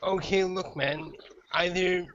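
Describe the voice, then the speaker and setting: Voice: mid-range voice, steady tone, slow, background noise, close to an everyday voice. A man voicing a worried young man who insists on checking that his date is safe, on a muffled lo-fi recording. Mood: insistent. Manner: urgent, insistent.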